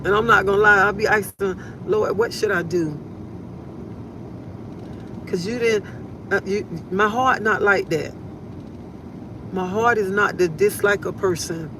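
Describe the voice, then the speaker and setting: Recorded on a phone outside amid loud traffic, a woman runs a casual inspirational live stream, talking earnestly and saying her phrases again and again. She keeps a mid-range voice, a steady tone and a moderate pace.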